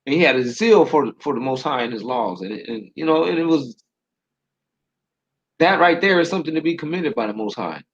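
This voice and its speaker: A man's voice: animated, a little fast, muffled recording. A man talking casually in a conversation, heated and stammering. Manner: heated, stammering, swings high when worked up.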